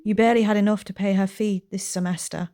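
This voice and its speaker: A woman's voice: mid-range voice, fairly even intonation, quick pace, warm tone, close to an everyday voice. A woman voicing a stern older grandmother who scolds bluntly, reading game dialogue aloud. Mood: scolding.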